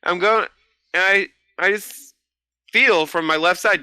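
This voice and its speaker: A man in his twenties, a podcast guest in casual chat, telling animated stories and swearing freely. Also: sits high, unhurried, smooth, dry recording.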